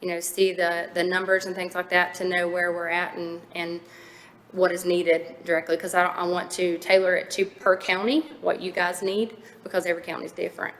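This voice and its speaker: A woman's voice: on the low side, flat delivery, a little fast, a little hiss or hum. A woman from a foster care nonprofit presenting to a county board in an informal way, with many fillers and restarts. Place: county board meeting room. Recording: echoey meeting room.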